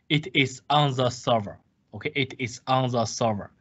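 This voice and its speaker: This recorded screen-share lecture features a man with a mid-range, fairly bright voice speaking at a moderate pace. He emphasizes key points by repeating them and asks the class questions only to answer them himself. The recording is dull and lo-fi.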